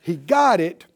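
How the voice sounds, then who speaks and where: A man teaching a Bible class in a sermon style, punchy and exhorting, with call-and-response. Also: high-pitched.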